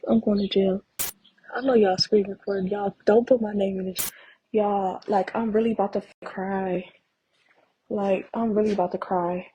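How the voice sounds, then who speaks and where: A woman's voice: medium pitch, steady tone, moderate pace, pauses often, darkish tone, slight background noise, rough recording. A woman filming a walk through a house, talking to her viewers in shocked, profane remarks that sometimes drop to a whisper. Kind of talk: narrated home walk-through video. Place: inside a house.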